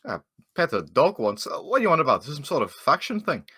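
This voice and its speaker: Man doing a blunt grumpy dwarf, lively swings in pitch, husky tone. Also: fast, dry recording, exaggerated voice. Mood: gruff. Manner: blunt, teasing, swears mildly. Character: brash, grumpy male dwarf adventurer.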